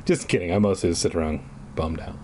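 A man's voice: low-pitched, fast, a little mellow, a little hiss or hum. A man hosting a podcast, reading a children's horror book aloud with crude, self-deprecating asides. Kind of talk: casual comic read-aloud with asides.

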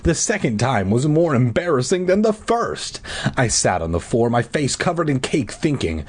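A man's voice: very animated, normal speed, husky. Man reading a kids' horror book, sardonic. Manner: sarcastic, profane asides, raises pitch for dialogue. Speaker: reader of a children's horror book. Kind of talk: comedic audiobook reading with drunken asides.

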